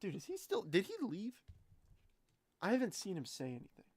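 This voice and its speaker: A man's voice: high voice, normal speed, breathy edge, no room sound. Chatty young man hosting a card break. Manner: chatty, excitable, talks to chat viewers by name. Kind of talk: live card-break commentary.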